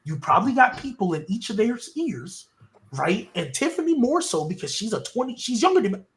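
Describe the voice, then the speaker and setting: A man's voice: sits high, big pitch swings, fairly quick. A man hosting a casual wrestling podcast, talking in an opinionated, rambling way with frequent restarts. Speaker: podcast host.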